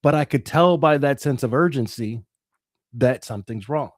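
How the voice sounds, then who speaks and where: A man's voice: mid-range voice, moderate pace, no echo, studio quality. A middle-aged man, an interview guest, telling a dramatic personal story with the odd laugh.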